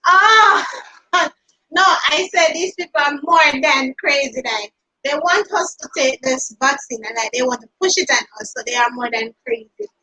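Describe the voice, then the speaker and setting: A Jamaican woman hosting a casual chat, telling stories in a lively, animated way. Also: high-pitched, moderate pace, low-quality recording.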